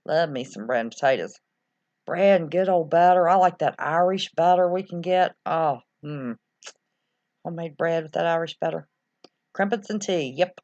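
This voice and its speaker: A woman hosts a casual livestream, rambling and reacting aloud to viewer comments. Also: medium pitch. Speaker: livestream host reading viewer chat. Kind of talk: casual live-stream chat. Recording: slightly dull lo-fi sound.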